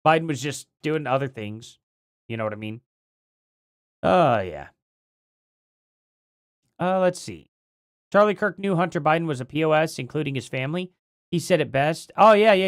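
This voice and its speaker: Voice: medium pitch, moderate pace, long pauses, no echo, studio quality. A livestream host rambling casually through commentary, thinking aloud, with a voice that is starting to go.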